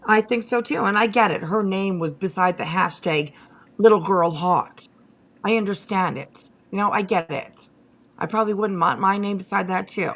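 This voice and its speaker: Female streamer, slightly low-pitched, blunt and profane, rants in a loose, chatty style. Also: fairly bright tone. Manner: many fillers and restarts, talks to chat. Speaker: livestream host. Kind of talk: casual livestream commentary.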